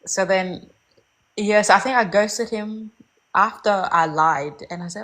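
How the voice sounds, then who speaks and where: A woman's voice: medium pitch, slow, a bit bright. A young woman casually telling a personal dating story, rambling and candid, with many fillers and restarts.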